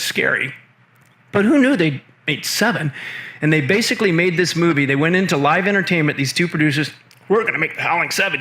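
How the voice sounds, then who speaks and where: Animated storytelling man, slightly high voice. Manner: animated, acts out quoted voices. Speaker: guest, film producer and assistant director. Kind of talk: storytelling interview talk.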